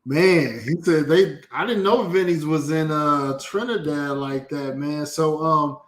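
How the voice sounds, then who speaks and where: A man from the United States hosts a podcast, putting questions in an easygoing, halting way. His voice is a touch higher than most men's. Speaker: podcast host. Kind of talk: casual interview chat.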